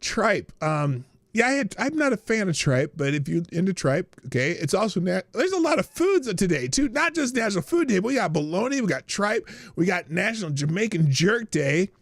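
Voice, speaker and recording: A man's voice: sits high, very animated, normal speed, few pauses, dry recording, studio quality. An American man hosting a live stream, making sarcastic remarks, laughing at his own jokes and reading out news. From United States. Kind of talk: casual solo live-stream commentary.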